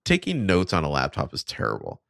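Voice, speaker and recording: A man's voice: extremely low pitch, huge pitch swings, a little fast, gravelly, fairly bright tone, dry recording, clean studio sound. A man co-hosting a podcast, casually recapping scenes in a laid-back, wry way and reading characters' lines without putting on voices. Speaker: podcast co-host recapping a show.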